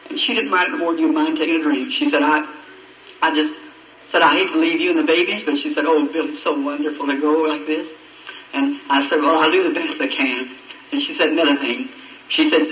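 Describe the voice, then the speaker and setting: A man's voice: fairly high pitch, fairly quick, lo-fi sound. A man preaching an emotional testimony sermon, pleading, his voice rising and breaking. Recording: echoey archive sermon recording from far off, with faint noise.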